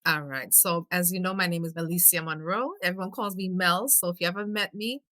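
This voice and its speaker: A woman's voice: fairly low pitch, brisk, pushed and bright, no room sound. A middle-aged woman from Belize with a mix of New York and Caribbean accents, chatting as a personable podcast guest telling stories. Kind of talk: casual podcast chat.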